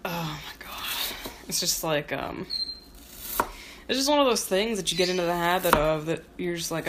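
A woman's voice: on the low side, normal speed. A woman chatting casually while she cooks at home, rambling and swearing with self-mocking humor. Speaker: home cook. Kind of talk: casual chat while cooking. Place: home kitchen. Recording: kitchen noise with knife chopping.

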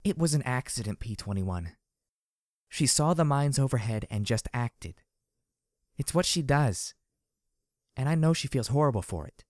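A man voicing a blunt, impudent female pony who speaks dryly and firmly, with a calm side beneath. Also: mid-range voice, moderate pace, long pauses, no echo, pitched above the performer's own voice, close to an everyday voice. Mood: calm, gentle. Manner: dry, firm, matter-of-fact. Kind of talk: audiobook character voice.

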